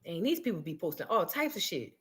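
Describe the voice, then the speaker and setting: A woman's voice: fairly low pitch, very animated, fairly quick. A woman hosting a blunt, profane reaction commentary, full of mocking impressions. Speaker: commentary host.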